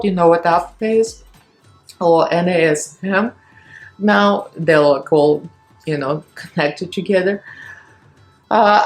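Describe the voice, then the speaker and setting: Woman, thirties, strained shaky voice, rambling candid chat, soft music underneath. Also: fairly low pitch. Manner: rambling, candid, laughs between phrases. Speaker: beauty vlogger and fitness instructor. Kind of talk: chatty get-ready-with-me vlog. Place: home beauty desk.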